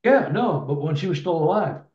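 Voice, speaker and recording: A man's voice: a little high, big pitch swings, a little fast, a little mellow. A man telling a long personal story in a rambling, casual way, with many restarts and repeated words. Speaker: guest telling his experiences. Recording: echoey, dull lo-fi sound.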